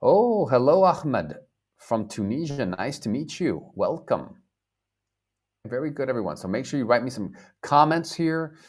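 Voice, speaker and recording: Leading a live English class online, a man from the US talks slowly and distinctly, repeats vocabulary, and acts out feelings for his audience. He has a medium pitch with a sing-song, slightly mellow delivery.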